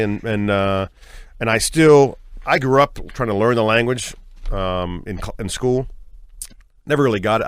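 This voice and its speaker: A middle-aged man telling a personal story as an interview guest, lively and acting out the voices he quotes. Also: clear, resonant tone, dry recording. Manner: lively, acts out quoted voices with big pitch jumps.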